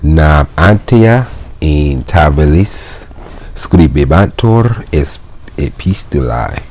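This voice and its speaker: A man's voice: a bass voice, expressive, takes it slowly, darkish tone, slight background noise. A man reading a Latin textbook aloud and translating it in a casual, slangy way, breaking off with laughs and asides. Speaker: Latin teacher.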